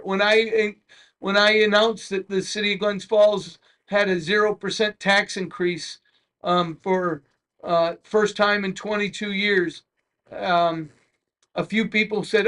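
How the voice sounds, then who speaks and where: A man's voice: sits high, fairly even intonation, a little slow, fairly bright tone. A middle-aged man, a mayor, speaking at a public meeting in a rambling way, with many restarts and folksy asides.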